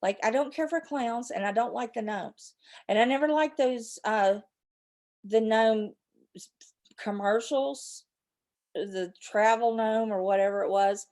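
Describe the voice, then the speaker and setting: A woman's voice: a little high, darkish tone. Chatty, rambling woman livestream host. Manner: chatty, rambling, laughs often. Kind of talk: casual chat with live chat viewers.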